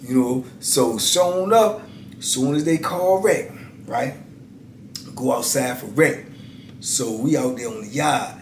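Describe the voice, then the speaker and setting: A man in his fifties telling a story in a relaxed, casual way and acting out the other people's voices. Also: mid-range voice, slow pace, long pauses, slight background noise. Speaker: YouTube storyteller. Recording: roomy echo.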